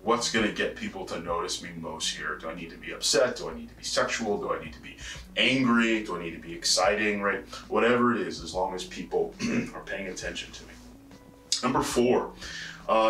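A man teaching a class in a casual, conversational way, often checking in with "right?" and pausing on "uh". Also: on the low side, a bit bright, faint music behind. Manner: conversational, frequent "right?" and "uh" fillers. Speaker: college instructor. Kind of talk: recorded lecture. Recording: roomy, distant mic with faint noise.

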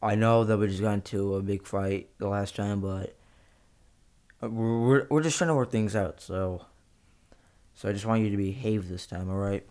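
A man hosting a comedy skit podcast, pleading and hesitant with many fillers, sometimes flaring up into yelling. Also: on the low side, normal speed. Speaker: channel host.

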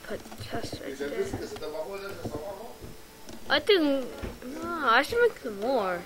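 A woman giving rambling, excitable let's play commentary while gaming, full of ums and restarts. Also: high voice, slow, music in the background, poor audio. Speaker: gamer.

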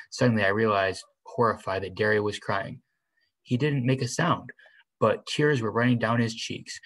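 Man reading a novel aloud, lowish voice. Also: fairly bright tone, low-quality recording. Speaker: reader.

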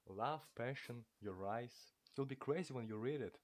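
A man's voice: mid-range voice, moderate pace, lightly acted. A man reading aloud and voicing a boastful young male writing master with a self-assured manner. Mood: grandly wooing.

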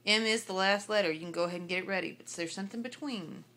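A woman patiently coaching a child through spelling a word at home, slow and encouraging. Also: medium pitch, bright, forceful tone. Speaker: parent teaching a child to spell.

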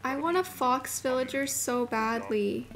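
A young woman streaming a video game, chatting casually and gushing excitedly, dropping to murmurs and rising to squeals. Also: sits high, a little slow. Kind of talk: casual live-stream chat while gaming.

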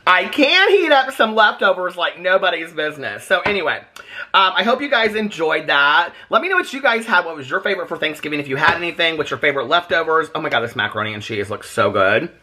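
A man vlogging in his home kitchen, chatting in a rambling, animated way and laughing often. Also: fairly high pitch, fast talker. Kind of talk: casual chat.

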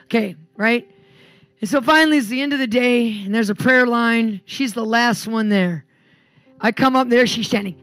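Animated woman preaching. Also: a little high, moderate pace, no echo, faint music behind. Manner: animated, emphatic storyteller, commanding in prayer. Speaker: preacher and healing minister. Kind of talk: sermon with storytelling and healing prayer.

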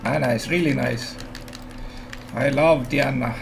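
A man chatting casually while playing an online game with friends, excitable and quick to apologize. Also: mid-range voice, creaky, noisy background. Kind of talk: casual gaming chat.

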